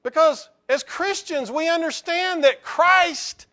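A man with a strikingly high voice preaches at an unhurried pace, drawing the congregation in with jokes and calls for response. The recording sounds dull and lo-fi. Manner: lively, joking with the congregation. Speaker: pastor. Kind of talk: sermon. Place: church.

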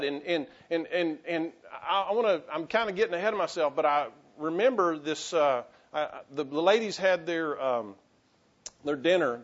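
A man's voice: high voice, dull audio. A man, a pastor delivering an impassioned sermon full of restarts and calls to the congregation. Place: church sanctuary.

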